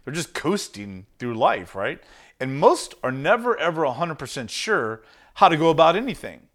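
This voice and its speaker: A man's voice: fairly high pitch, big pitch swings, normal speed, a bit bright. A man teaching sales in an emphatic, punchy monologue. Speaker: sales coach.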